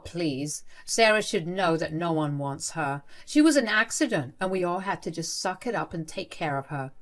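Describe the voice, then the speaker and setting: A woman's voice: fairly low pitch, natural voice. A woman reading as a sneering cold grandmother. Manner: sneering, dismissive. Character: cold contemptuous grandmother, school principal.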